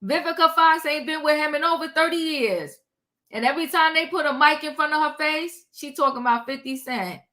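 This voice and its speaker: A woman's voice: high voice, fairly quick, pushed and bright. A woman hosting a casual commentary livestream, chatty and slangy, greeting her viewers and exclaiming as she goes. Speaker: livestream host.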